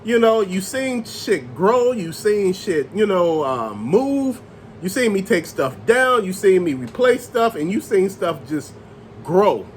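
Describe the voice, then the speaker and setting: Animated high-pitched man ranting. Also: slow pace, a little hiss or hum. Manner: loose, animated rant with slang and cussing. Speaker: channel host. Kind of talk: ranting to camera.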